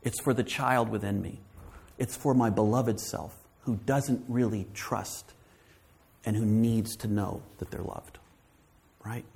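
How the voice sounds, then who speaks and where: As a guest speaker at a church, a man preaches a sermon full of animated stories, voicing quoted characters and often asking "right?". His voice sits on the low side with vocal fry, at a measured pace.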